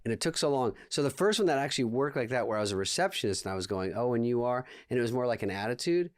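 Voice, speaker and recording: A man telling deadpan anecdotes as a podcast guest, in casual chat full of quoted dialogue. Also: mid-range voice, racing, dry recording, studio quality. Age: 20s.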